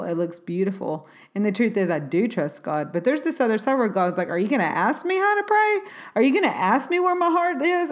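A woman hosting a podcast, giving an earnest devotional talk on prayer with casual fillers. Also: medium pitch. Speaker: podcast host.

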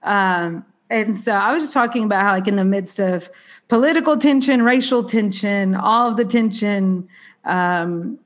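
A woman's voice: mid-range voice, moderate pace. Congested Southern woman chatting. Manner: chatty, bubbly, self-deprecating. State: congested, slightly nasal. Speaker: podcast host. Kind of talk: casual podcast chat.

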